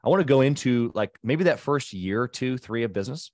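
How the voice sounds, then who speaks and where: A man's voice: mid-range voice, lively intonation, a little fast, darkish tone, no echo, clean studio sound. A man hosting a podcast interview, enthusiastically summing up and affirming what his guest says. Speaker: podcast host. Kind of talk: casual interview.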